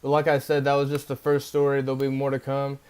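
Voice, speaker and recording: This young vlogger talks quickly in a monotone, mid-range voice that's smooth and a bit dark. He casually rambles through a story, full of fillers and the recurring tag question "right?".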